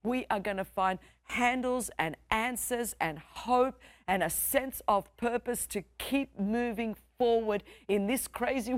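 Passionate Australian woman preaching. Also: on the high side. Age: young adult. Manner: passionate, emphatic, repetitive preaching cadence. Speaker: pastor. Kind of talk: sermon.

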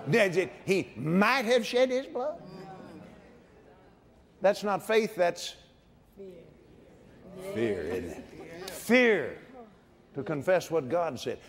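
A male preacher delivering a fervent sermon, often shouting and breaking into laughter. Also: high voice, long reverb tail.

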